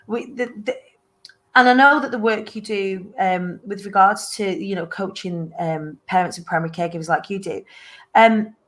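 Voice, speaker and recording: A woman's voice: medium pitch, moderate pace, fairly bright tone. A British woman hosting a casual interview show, rambling and searching for her words. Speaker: show host.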